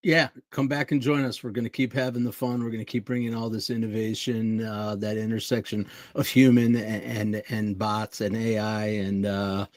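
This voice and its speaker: A man's voice: fairly low pitch, flat delivery, normal speed, few pauses, a little mellow, no room sound, clean studio sound. A man co-hosting a casual live stream who speaks in an emphatic, hype-driven way.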